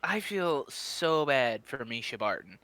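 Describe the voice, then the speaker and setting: A man co-hosting a podcast, chatting casually, reacting with jokes and quick laughs. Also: medium pitch, sing-song, pushed and bright, a little hiss or hum. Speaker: podcast co-host. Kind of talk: casual chat.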